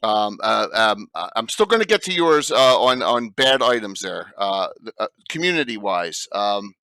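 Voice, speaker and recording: A man hosting a casual panel chat on a video stream, talking in a halting way with many fillers. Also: lowish voice, sing-song, bright, forceful tone, dry recording. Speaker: host.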